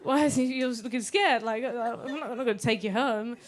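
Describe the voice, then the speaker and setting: A woman's voice: on the high side, fairly quick. Bantering woman doing stand-up crowd work. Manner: bantering, swears freely. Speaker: stand-up comedian. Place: comedy club stage.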